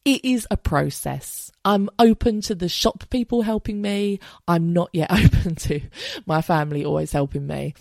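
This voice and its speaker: A woman's voice: on the low side, moderate pace, vocal fry, a little mellow, no echo. An English woman in her thirties hosting a solo podcast, talking candidly and chattily and swearing freely. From England. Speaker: podcast host. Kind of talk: casual solo podcast monologue.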